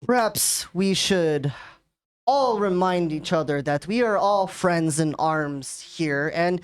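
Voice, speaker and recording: A woman voicing a calm, conciliatory male diplomat. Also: deep voice, clear, resonant tone.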